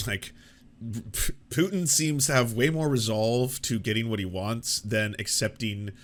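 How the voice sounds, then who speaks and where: A man's voice: medium pitch, measured pace. A man hosting a reaction show, talking casually and loosely, with lots of swearing and "like" fillers. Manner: loose, profane, frequent "like" fillers. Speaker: show host reacting to a debate. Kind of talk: casual commentary.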